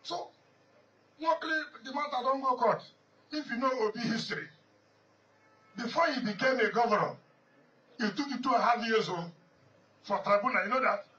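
This politician, Nigerian-accented, talks at normal speed with long pauses, his high voice pushed and bright as he rambles and hammers points by repetition. Recorded from a distance, the audio is dull and muffled with a light hiss beneath.

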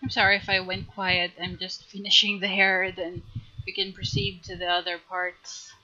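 A woman teaching a live drawing tutorial on stream, chatty and giggly, gently coaching her viewers. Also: medium pitch, expressive, moderate pace, dull audio.

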